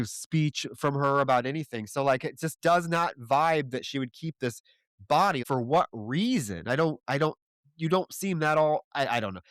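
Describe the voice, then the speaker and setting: A man's voice: fairly high pitch, dry recording, studio quality. Exasperated man recapping a movie plot. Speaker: podcast co-host. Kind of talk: casual film review chat.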